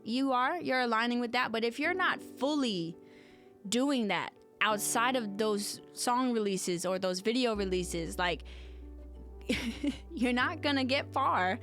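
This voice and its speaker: A woman's voice: fairly high pitch, takes it slowly, a bit bright, soft background music. Earnest woman podcaster talking to listeners. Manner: earnest and conversational, often addressing listeners directly. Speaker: podcast host. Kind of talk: reflective solo podcast talk.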